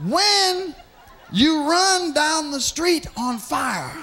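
A man doing a stand-up routine, telling a profane story with lively acted-out voices. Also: very high-pitched, extremely slow. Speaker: stand-up comedian.

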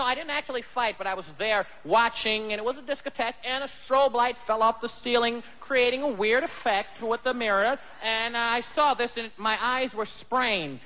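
High-voiced animated stand-up comic. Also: male voice, long reverb tail. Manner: animated, profane storytelling with many voices. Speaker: stand-up comedian. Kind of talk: stand-up comedy. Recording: live club with crowd.

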